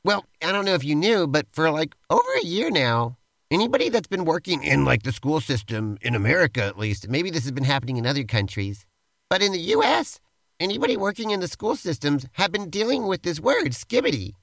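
A man's voice: fairly high pitch, very animated, a little fast, gravelly, fairly bright tone, no room sound. A man co-hosting a comedy show, teasing his partner in playful, improvised role-play banter. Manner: upbeat, teasing, playfully pushy. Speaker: co-host.

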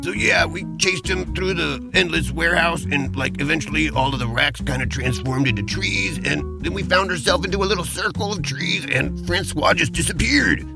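A man's voice: on the high side, moderate pace, gravelly, few pauses, music in the background. A man voicing a frantic young male diner barista who rambles in a panic, in a comedy podcast role-play. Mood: rambling.

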